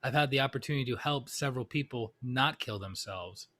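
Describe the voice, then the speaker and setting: A man's voice: mid-range voice, fairly quick, pushed and bright. A middle-aged man, a spiritual teacher, telling a personal story in a conversational talk and often checking in with "right?". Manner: conversational, keeps asking "right?".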